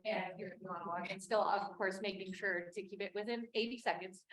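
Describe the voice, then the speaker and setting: A woman's voice: medium pitch, steady tone, brisk, fairly bright tone. A woman at a workshop hesitantly asking a question, with many ums and likes. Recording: echoey room, voice from far off.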